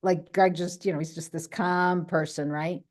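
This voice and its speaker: Lower-voiced woman telling her story. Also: moderate pace. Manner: animated storyteller, often adds "right?"; acts out other people's quoted lines. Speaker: guest speaker. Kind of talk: personal story in an online talk. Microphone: video call.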